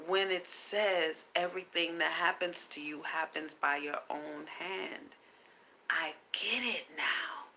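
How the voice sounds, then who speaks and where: A woman vlogging to camera in a casual monologue, blunt and profane, asking rhetorical questions in a calm, preachy way. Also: lowish voice, creaky, a little hiss or hum, poor audio.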